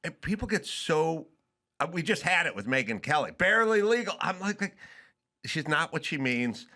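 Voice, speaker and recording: Bright-voiced man ranting on a podcast. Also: a little high, very animated, normal speed. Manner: profane, emphatic ranting with mimicked voices. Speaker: podcast host. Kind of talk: casual podcast rant.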